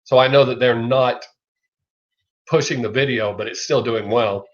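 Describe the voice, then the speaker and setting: A man's voice: medium pitch, moderate pace. Rambling Southern man on a livestream. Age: middle-aged. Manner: rambling, swears freely, laughs often. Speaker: livestream host. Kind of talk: casual live chat. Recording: lo-fi dull sound.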